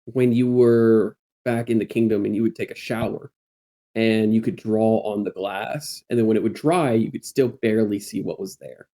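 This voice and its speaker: Man, dungeon master, low voice, mellow tone, measured descriptive narration. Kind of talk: narrating a tabletop game.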